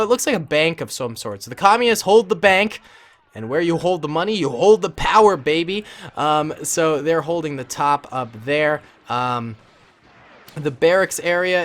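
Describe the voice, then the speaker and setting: A man's voice: mid-range voice, a bit bright, slight background noise. A man casually commentating a battle simulation game in a laid-back, enthusiastic way, with plenty of ums.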